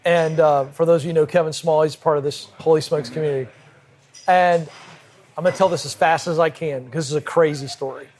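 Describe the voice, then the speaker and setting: A man, a podcast guest, telling a vivid personal anecdote in brisk conversational style at a cigar lounge. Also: fairly high pitch, fairly even intonation, darkish tone, slight background noise. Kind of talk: animated storytelling in conversation. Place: cigar lounge with a group present.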